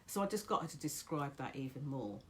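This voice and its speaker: Low-voiced woman, lively motivational storyteller. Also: fairly quick. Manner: chatty, encouraging, storytelling. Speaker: motivational speaker. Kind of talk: casual motivational talk.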